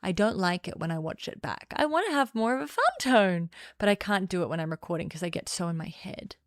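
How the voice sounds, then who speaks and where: A young adult woman streaming casual chat, playful and sing-songy, sometimes dropping into a lower, serious tone. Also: animated, a little fast, no echo, studio quality. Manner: sing-songy, chatty, shifts between playful and low serious tone.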